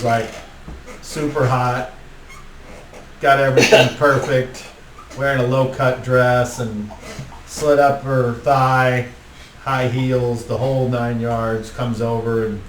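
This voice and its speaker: Laid back guy game-mastering, slow rambly talk, far from the mic, faint hiss. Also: mid-range voice. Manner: casual, rambling, full of "like". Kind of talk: narrating a tabletop game. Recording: roomy, distant mic, faint noise.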